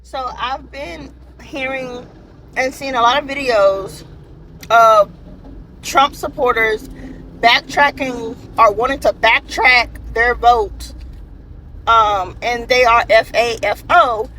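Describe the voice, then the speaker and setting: A woman with a high, bright voice delivers an emphatic opinion rant to camera, hammering the same points over and over. A faint hiss runs under it. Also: slow, rough recording. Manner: emphatic and repetitive.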